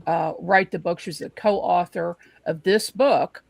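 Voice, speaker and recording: Low, gravelly female host; loose delivery, dry recording. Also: slow pace, a little mellow, no room sound, low-quality recording. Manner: loose, with many fillers and restarts. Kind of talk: panel discussion hosting.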